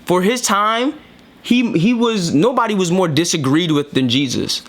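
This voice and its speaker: A man's voice: on the high side, a bit bright. A man from New York City with a New York accent, giving casual opinion commentary in a slangy, emphatic, preachy way. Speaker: commentator reacting to clips.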